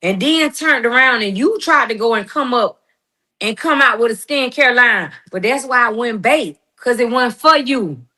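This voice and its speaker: A woman's voice: fairly high pitch, expressive, normal speed, sharp tone. A middle-aged woman in a heated, emphatic monologue, confronting someone with slang and preachy turns. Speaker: guest responding to critics.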